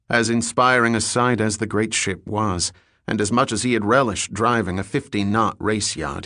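A male audiobook narrator reading in a steady, vivid storytelling manner. His voice sits on the low side and the recording is close and dry. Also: no echo. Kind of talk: scripted narration.

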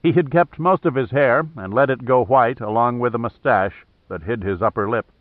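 A man's voice: mid-range voice, normal speed, dry recording, phone-quality sound. Man narrating an audiobook, phone-thin. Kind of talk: scripted narration.

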